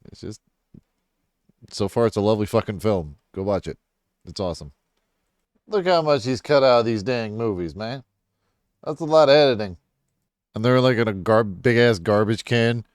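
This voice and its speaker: Man, low smooth voice, dry close sound, rambling casual movie reaction, swears. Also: expressive, moderate pace, long pauses, no room sound. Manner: loose and rambling, swears, acts out movie lines in silly raised voices.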